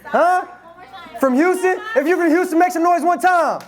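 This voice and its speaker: A young man in his twenties from Detroit giving a live motivational talk, energetic and playful, leading the audience in call-and-response. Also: extremely high pitch, moderate pace. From Detroit, USA. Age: 20s. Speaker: motivational speaker. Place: event room with a live audience. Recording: live room recording with crowd and noise.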